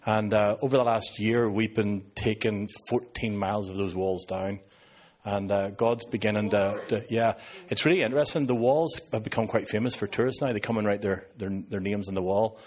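A man in his fifties from Northern Ireland with a Northern Irish accent, a pastor preaching to a live audience and cracking sarcastic jokes. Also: fairly low pitch. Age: 50s. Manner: joking, sarcastic asides to an audience. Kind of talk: sermon.

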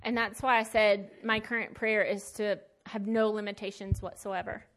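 A woman's voice: medium pitch, flat delivery, moderate pace, fairly bright tone, slight background noise. A woman teaching a Bible lesson in a casual sermon style, conversational and emphatic with plain slangy asides.

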